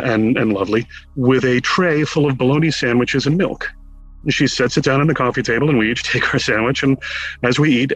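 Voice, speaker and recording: A man from Connecticut, a guest in an interview, telling a lively anecdote with wry humor and acting out the quotes. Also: mid-range voice, slightly rough, rough recording. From Connecticut, USA. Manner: animated storyteller who acts out quotes with wry humor. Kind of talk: casual anecdotal storytelling.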